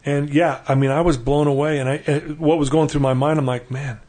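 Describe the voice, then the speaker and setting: A man's voice: a little high, little pitch movement, fairly quick, a little mellow. Earnest middle-aged man telling his story. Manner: earnest, acts out quoted dialogue with laughing asides. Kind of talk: casual storytelling conversation.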